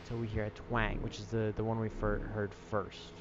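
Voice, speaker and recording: A man's voice: fairly low pitch, completely flat delivery, moderate pace, lo-fi sound, music in the background. A man casually commenting while playing a game late at night, laid-back and self-deprecating, sounding tired. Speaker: gaming streamer. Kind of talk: casual let's-play commentary.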